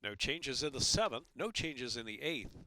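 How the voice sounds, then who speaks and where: Crisp, bright-voiced American race caller. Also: male voice, mid-range voice. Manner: brisk, rhythmic, rising to a loud excited call in the stretch. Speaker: race track announcer. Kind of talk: horse race call and track announcements.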